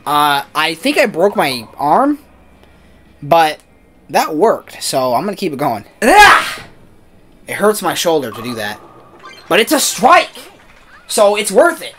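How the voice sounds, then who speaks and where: A young man playing a motion-controlled bowling game and commenting at his desk at home, excitable and often breaking into screams and shouts. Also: fairly high pitch, a little slow, long pauses, heavy background noise. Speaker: gaming video creator. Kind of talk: excitable let's-play commentary. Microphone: desk mic, camera off.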